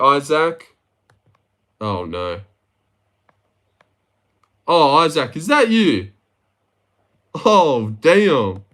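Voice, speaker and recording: A man's voice: mid-range voice, pushed and bright. A young man hosting a casual livestream, reading viewer comments, joking and swearing as he banters with his chat. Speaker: livestream host reacting to viewers.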